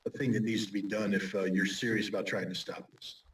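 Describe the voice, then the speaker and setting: A man's voice: on the low side, level tone, a little fast. Urgent, emphatic man, distant mic. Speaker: interview guest. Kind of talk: interview commentary. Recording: distant mic with faint noise.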